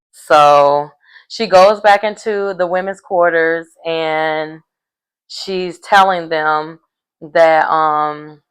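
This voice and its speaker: A woman with a slightly low voice talks through a reality show episode in a loose, casual recap. She keeps the story rolling with a steady stream of fillers and retells the scenes in quoted dialogue. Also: clean tone, rough recording.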